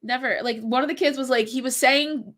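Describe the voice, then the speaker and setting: Her voice is high, steady, slightly bright and a little fast, with noticeable congestion. She's a middle school French teacher in her forties, casually chatting from home on a stream during a writing sprint and rambling through stories with lots of fillers.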